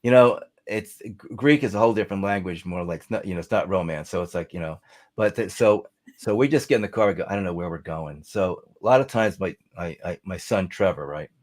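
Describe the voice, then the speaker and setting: A man's voice: deep voice, brisk, darkish tone. A middle-aged man, a songwriter guest, rambling and chatty as he tells stories in a casual interview.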